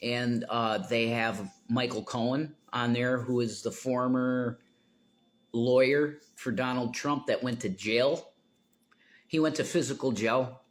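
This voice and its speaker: A man's voice: medium pitch, steady tone, takes it slowly. Rambling man on a livestream. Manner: rambling, tangent-prone, emphatic outbursts.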